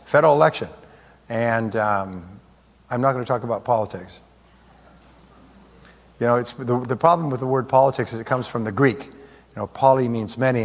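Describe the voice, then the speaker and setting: A man giving a motivational seminar talk in a large hall, joking with and rousing the audience. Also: mid-range voice. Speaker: seminar speaker. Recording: echoey hall with long reverb.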